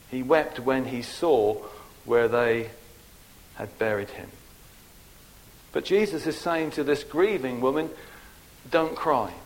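Older English minister, male, mid-pitched, very slow and consoling funeral sermon delivery. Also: rough recording. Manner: slow, gentle, deliberate preaching with soft drops in volume.

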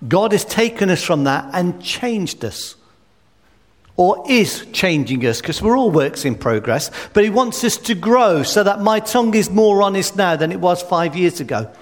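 A man's voice: high voice, animated, moderate pace. A man preaching a sermon, emphatic and full of rhetorical questions. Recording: reverberant hall.

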